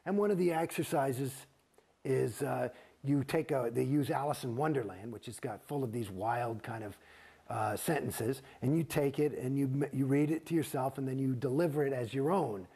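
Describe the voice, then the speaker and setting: A middle-aged man, an actor, telling his own story in an interview, profane and animated, acting out the exchanges he describes. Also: mid-range voice, moderate pace, husky. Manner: profane, animated, gets heated and acts out quoted exchanges.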